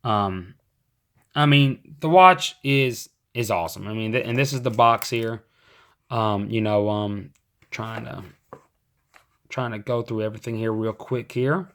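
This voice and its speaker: A man, a bit hoarse, reviewing a gadget in a casual, rambling way with many fillers and restarts. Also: lowish voice, measured pace, a bit bright. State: hoarse, voice going in and out. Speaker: tech reviewer.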